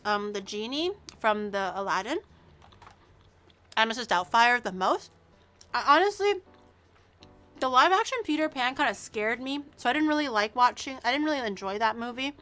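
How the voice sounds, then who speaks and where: A Canadian woman in her early twenties chats casually with viewers on a livestream, reacting to them with teasing remarks and lots of fillers. Her fairly high voice is a bit bright, with lively intonation and a moderate pace.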